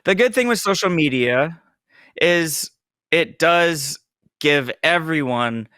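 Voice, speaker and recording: A man's voice: a little high, takes it slowly, clean tone, dry recording. Laid-back guy telling stories, dry close mic. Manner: relaxed, storytelling with filler "like". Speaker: podcast co-host. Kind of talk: casual chat.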